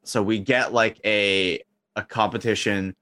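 A man in casual chat, pitching comedy scenarios and acting out bits of dialogue. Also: fairly even intonation, a little slow, pushed and bright, no room sound, studio quality.

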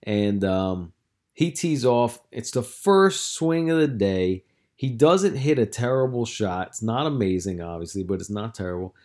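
A man's voice: fairly low pitch, animated, measured pace, a little mellow. A young man hosting a casual solo podcast as a coach, telling stories in a rambling, profane way with lots of filler words.

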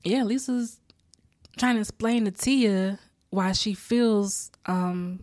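Woman, casual recap host, lively and laughing, dry close sound. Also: medium pitch, slow, no echo. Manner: animated, laughing, acting out character lines. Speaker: show recapper.

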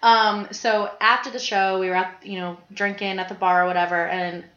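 A young woman casually co-hosting a chat, telling animated stories and swearing freely. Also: mid-range voice, moderate pace. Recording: roomy, slightly dull sound.

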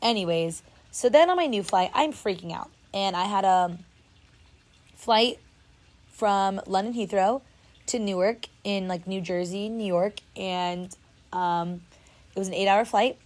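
A woman's voice: medium pitch, unhurried. A young woman telling a travel story in a chatty, dramatic way, full of filler words. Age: young adult. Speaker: storyteller vlogger. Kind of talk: casual storytime. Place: outdoors, then moves indoors.

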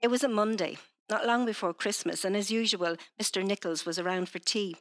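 A woman's voice: mid-range voice, brisk. A woman author chatting hesitantly on a panel, then reading narration from her novel. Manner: hesitant, many fillers in chat; steady when reading.

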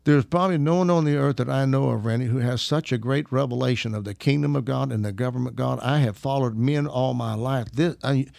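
A man's voice: mid-range voice, fairly quick, few pauses, darkish tone, no room sound, clean studio sound. A man from Arkansas telling a story in casual conversation, chuckling as he goes. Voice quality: gravelly, laughs while telling stories.

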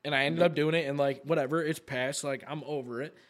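A man's voice: on the high side, fast talker, crowd noise. A man hosting a podcast, telling a long story in casual chat, rambling and cursing freely with many fillers as he acts out what others said. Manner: rambling and heavy on profanity, with lots of "like" fillers; animated, re-enacts others in quoted asides. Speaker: podcast host.

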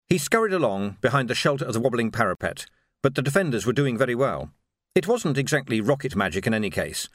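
A man narrating a novel in an expressive storytelling manner. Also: medium pitch, fast talker, no echo, studio quality. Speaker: audiobook narrator. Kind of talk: scripted narration.

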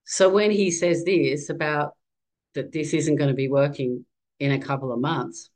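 A woman's voice: sits low, normal speed, low-quality recording. Candid Australian woman telling her story. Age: 50s. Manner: candid and animated. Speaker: guest. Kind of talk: conversational storytelling.

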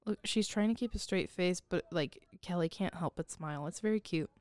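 A woman's voice: on the low side, fairly quick, a little mellow, dry recording. A woman giving chatty, amused commentary on a show with a friend, swearing freely, recorded on a wired mic while lying on the floor. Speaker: co-host watching a show. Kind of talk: casual reaction chat. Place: indoor room, lying on the floor. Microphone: wired mic with cord.

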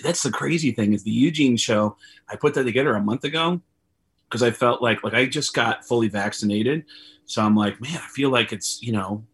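A man's voice: medium pitch, a little fast, a bit bright, husky. A man, a comedian guest on a video call, telling rambling anecdotes and acting out the voices of people he quotes. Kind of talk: casual storytelling.

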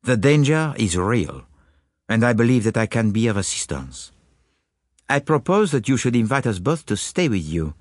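A man voicing a fastidious, methodical detective who speaks precisely and formally in an audiobook. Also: medium pitch, big pitch swings, no room sound, clean studio sound, voice pushed up, lightly acted. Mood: probing.

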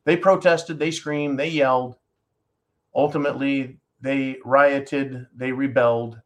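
A man's voice: mid-range voice, fairly even intonation, slow pace. A man hosting a talk show, ranting in angry, sarcastic political commentary and answering listener comments.

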